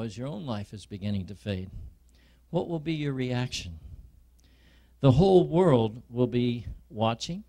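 A male preacher delivering a sermon as a dramatic, vivid story told to his listeners. He speaks very slowly, with long, weighty pauses. His voice sits at a medium pitch for a man. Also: mellow.

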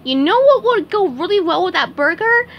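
A woman voicing a cheerful, goofy male sea sponge in a storybook reading, excitable and over the top. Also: extremely high pitch, normal speed, slight background noise, pitched above the performer's own voice. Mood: joking excited.

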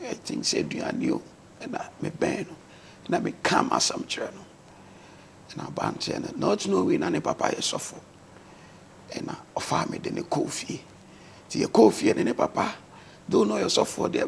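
Gravelly Ghanaian man telling his story. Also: high voice, wildly swooping pitch, normal speed, slight background noise. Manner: earnest storytelling, mixing English words into his speech. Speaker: talk show guest. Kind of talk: telling his life story in a talk show.

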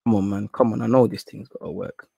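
A man hosting a live stream in casual chat. He is slangy and rambling, and he shifts between low mutters and excited outbursts. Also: quick pace, creaky, husky, dry recording, muffled recording.

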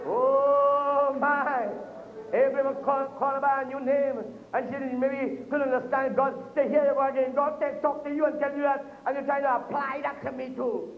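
High-voiced fervent preacher. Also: male voice, flat delivery, a little fast, hardly any pauses, a little hiss or hum. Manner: fervent, punctuated with frequent amens. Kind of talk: sermon. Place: church. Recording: echoey, tinny phone-like room recording.

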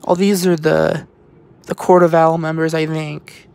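Gravelly-voiced young rambling vlogger. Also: mid-range voice, little pitch movement, measured pace, a little mellow. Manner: rambling, stammering restarts, often drops to a whisper. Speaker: vlogger touring an exhibit. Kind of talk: casual walkthrough commentary.

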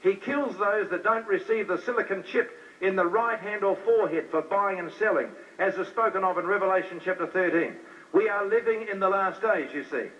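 Male preacher, high and forceful, fervent sermon, distant muffled recording. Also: brisk. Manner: fervent, talks straight to the crowd with rhetorical questions. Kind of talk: fiery sermon.

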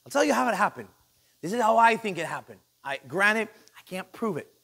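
A male pastor preaching a sermon in a church, animated and joking, acting out the people he quotes. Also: sits high, a little fast, slightly rough.

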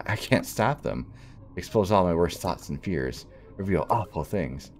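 A man gives voice to a bitter young painter in a game, brooding and withdrawn. The voice sits low and gravelly, with a subdued, hushed delivery. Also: lively intonation, a little slow. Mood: despairing.

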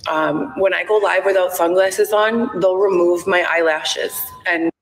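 A woman's voice: fairly low pitch, fairly even intonation, unhurried, a little hiss or hum. A woman in her thirties talking on a live stream from her phone, rambling with lots of "like" and "um". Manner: rambling, frequent "like" and "um". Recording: echoey, roomy playback of a live stream.

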